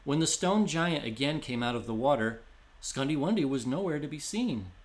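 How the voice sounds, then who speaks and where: A man narrating a traditional tale in a measured, descriptive storytelling manner. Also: on the high side, animated.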